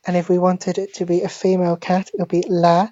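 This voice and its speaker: Woman doing a fake language lesson, low mellow voice, dull lo-fi phone recording. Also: flat delivery, no echo. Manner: slow, deliberate, repeats words like a teacher. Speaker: mock French teacher. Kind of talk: deadpan parody language lesson.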